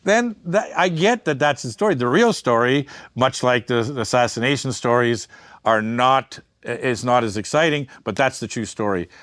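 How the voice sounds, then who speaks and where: A man's voice: mid-range voice, expressive, normal speed, a bit bright, no room sound. A man giving a candid interview, talking bluntly and emphatically, swearing freely and wandering into asides. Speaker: media entrepreneur and interview guest.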